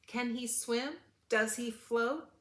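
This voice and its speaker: A woman's voice: fairly high pitch, takes it slowly, sharp tone, reverberant, voice pushed up. A woman voicing a nosy, quacking duck in a storybook read-aloud. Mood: curious.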